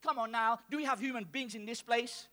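Male pastor, high bright voice, dynamic call-and-response preaching. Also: brisk. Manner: call-and-response preaching, swings from soft to shouting. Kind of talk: sermon. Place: church hall with congregation.

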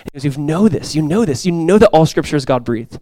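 In a church sanctuary, a male pastor gives an expressive, brisk sermon in a fairly high voice, recorded close and dry with no echo. Passion drives him to loud, urgent quoted cries before he drops back to a soft, quiet tone.

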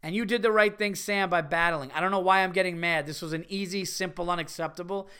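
A middle-aged man hosting a casual comedy podcast, ranting profanely and excitably as he reads listener emails. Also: high-pitched, fast, smooth. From Italian-American heritage.

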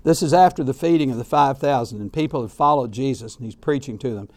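A man preaching a sermon on baptism in an emphatic way, with frequent restarts and repeated words, shifting loudness and pace. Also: medium pitch, fast.

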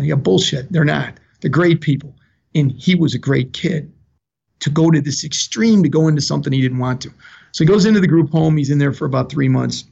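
A man's voice: fairly high pitch, creaky, darkish tone, husky. An older man telling a personal story in an earnest, plainspoken way, with emotion close to the surface. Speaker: guest telling his story. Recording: dull lo-fi recording.

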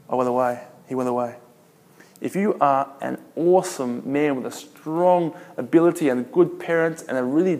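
A man's voice: mid-range voice, darkish tone. Emphatic man preaching in a reverberant hall. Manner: emphatic, repetitive preaching with rhetorical questions. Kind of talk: sermon. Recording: long reverb of a large hall.

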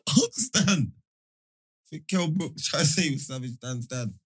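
A young man telling a story in casual chat, animated and full of slang fillers. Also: mid-range voice, fairly quick.

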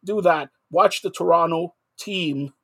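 A sarcastic male sports talk host with a fairly high voice who turns loud and sing-song when he gets going. He talks hockey in a casual, animated way. The sound is dry and close, with no room around him. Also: measured pace, slightly rough, dry recording.

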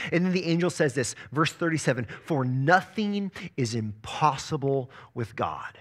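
Expressive preacher man with lively pitch. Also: normal speed, few pauses. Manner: emphatic, repeats words when building a point. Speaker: pastor. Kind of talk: sermon.

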